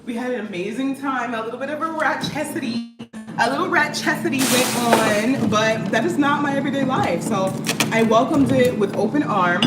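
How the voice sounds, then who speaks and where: Chatty woman vlogging in an echoey room. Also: fairly high pitch. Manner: chatty, animated, reading comments aloud. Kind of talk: casual vlog chat. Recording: echoey room from a distance with noise.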